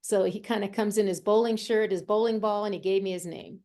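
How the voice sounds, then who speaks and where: A woman who works as a medium and healer, a guest in an interview, telling stories in a lively way and acting out the voices she quotes. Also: mid-range voice, fairly quick. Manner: animated storyteller who acts out quoted voices. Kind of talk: conversational storytelling.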